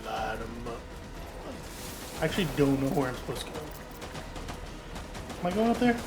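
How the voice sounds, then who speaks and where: A man's voice: mid-range voice, normal speed, music in the background. A young man streaming a video game, giving casual, sweary commentary and joking with the characters on screen. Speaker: gameplay streamer. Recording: steady background noise.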